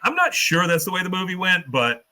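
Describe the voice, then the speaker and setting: A man's voice: high-pitched, fairly quick. A man hosting a podcast, casually retelling a cartoon episode, laughing and swearing as he goes. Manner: animated retelling, quotes characters in put-on voices, swears, laughs. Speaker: podcast host recapping an episode. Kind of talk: casual chat.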